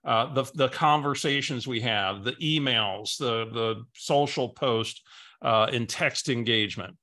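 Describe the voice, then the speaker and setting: A male business coach with a bright, clear voice, presenting a webinar. He tells a story casually and often repeats words as he goes. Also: mid-range voice, a little slow.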